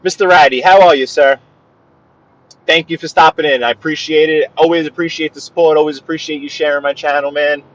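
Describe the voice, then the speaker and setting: The audio is dull, and the man's voice runs on the high side. He's driving on the highway while casually chatting to live-stream viewers, and he keeps stumbling and repeating himself.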